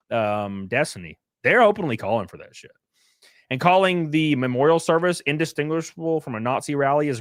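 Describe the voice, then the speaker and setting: Animated man riffing on a livestream. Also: medium pitch, no room sound, clean studio sound. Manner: animated, swears freely, reads chat messages aloud and reacts. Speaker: streamer reading live chat. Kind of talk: casual livestream commentary.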